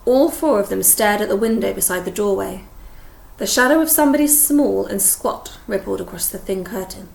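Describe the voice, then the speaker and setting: A woman narrates an audiobook in a steady storytelling manner. Her mid-range voice has a gravelly texture, and the recording sounds roomy. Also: mid-range voice, normal speed. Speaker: audiobook reader. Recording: echoey room.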